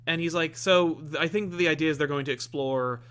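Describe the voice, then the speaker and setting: A man's voice: fairly high pitch, a little fast, fairly bright tone, smooth. A man co-hosting a comic review podcast, talking casually in a rambling way with lots of fillers and restarts. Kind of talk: casual chat.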